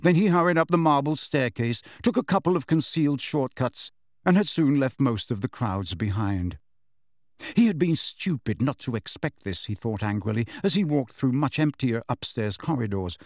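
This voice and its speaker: A man reading a story aloud as an audiobook narrator, steady and measured. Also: mid-range voice, no room sound, studio quality.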